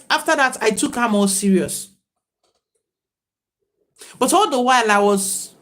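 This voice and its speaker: A woman hosts a livestream and talks in a casual, reflective way. Her voice sits at an ordinary middle pitch. She sounds preachy and speaks straight to the people watching. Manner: reflective, preachy, greets viewers by name. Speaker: livestream host.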